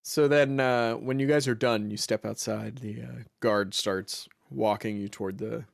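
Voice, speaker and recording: A man narrating a tabletop role-playing game as game master, in a relaxed, rambling way with many fillers. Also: mid-range voice, a little slow, creaky, no echo, studio quality.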